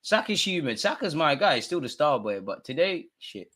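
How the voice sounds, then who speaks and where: A young man hosting a live football watch-along, excitable and full of slang, swinging from loud outbursts to low mutters. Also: moderate pace.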